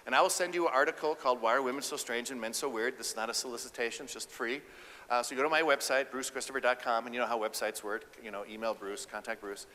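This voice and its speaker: A man giving an animated, humorous keynote speech about relationships on a conference stage. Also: medium pitch, slight background noise. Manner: animated, acts out voices, audience banter. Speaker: keynote speaker and relationship counselor. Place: conference stage before a live audience. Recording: echoey conference hall.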